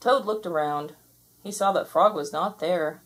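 Slow, husky woman reading a children's story. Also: lowish voice. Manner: gentle, measured narration. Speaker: storybook reader. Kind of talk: children's story read-aloud.

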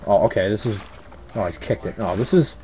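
A man's voice: lowish voice, a little fast, warm tone, a little hiss or hum. A man giving casual, rambling commentary while playing a horror game, easily startled and yelping at scares, on a headset mic. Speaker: let's play commentator.

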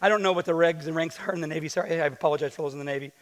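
A man preaching a sermon as pastor, lively and joking with playful asides to the congregation. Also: fairly high pitch, very fast. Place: church sanctuary. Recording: long hall reverb in a church.

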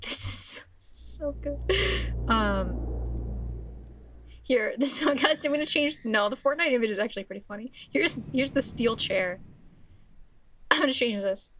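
A woman's voice: fairly high pitch, measured pace, pauses often, a bit bright, slight background noise. A young woman streaming a video game, chatting casually in a giggly, scattered way full of exclamations and restarts.

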